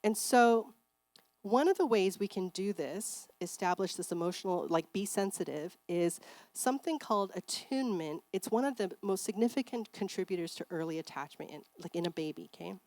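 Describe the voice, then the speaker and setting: A middle-aged woman giving a church seminar talk on parenting, chatty and animated, acting out parents and kids in bright voices. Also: medium pitch, normal speed, dry recording. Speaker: seminar speaker.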